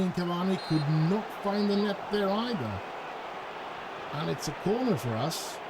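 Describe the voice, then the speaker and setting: A gaming YouTuber talks over a noisy background in a medium-pitched voice, giving casual let's-play commentary on a football management game. He's chatty and hesitant, though he perks up when chances come and gets a burst of excitement at goals.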